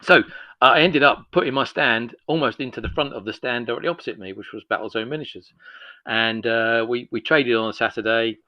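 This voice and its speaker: A man's voice: medium pitch, fairly quick, pushed and bright, no echo, muffled recording. A man in his sixties from London with a North London accent, a podcast guest telling long, rambling anecdotes in a chatty way. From London, England. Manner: chatty, acts out dialogue in anecdotes. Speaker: podcast guest, miniatures business owner.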